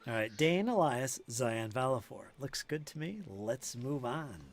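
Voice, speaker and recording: Casting note: male game master, mid-pitched, relaxed and chatty narration for a tabletop game. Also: unhurried. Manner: relaxed, conversational, with frequent fillers.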